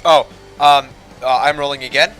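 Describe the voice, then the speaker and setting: A man chatting casually as a player in a tabletop game, quiet and a bit distracted. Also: mid-range voice, fairly even intonation, moderate pace, faint music behind, poor audio.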